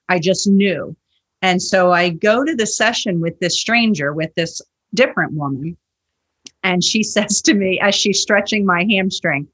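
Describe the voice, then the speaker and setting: On a podcast, a guest who teaches yoga shares heartfelt stories, voicing the dialogue as she goes. She speaks at a measured pace with a fairly low, slightly bright voice.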